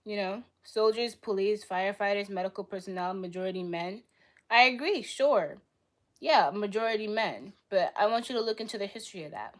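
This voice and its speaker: A young woman hosting a live stream, arguing bluntly with her chat in rapid-fire retorts. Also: medium pitch. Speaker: livestream host.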